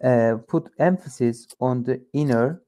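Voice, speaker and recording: A man's voice: mid-range voice, mellow. A man learning English in a one-on-one lesson, reading example sentences and searching hesitantly for words. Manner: hesitant, halting, many fillers while searching for words.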